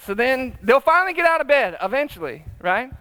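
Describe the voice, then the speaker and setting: Middle-aged male pastor, high bright voice, dry close sound, chatty and humorous preaching. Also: very animated, brisk, clear, resonant tone, dry recording. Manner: conversational, tag questions, humorous asides. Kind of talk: sermon.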